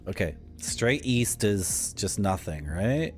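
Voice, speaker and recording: Fields: Sex: man. Role: streamer. Style: casual gameplay commentary. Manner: animated, mildly profane musings. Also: on the low side, slow, faint music behind.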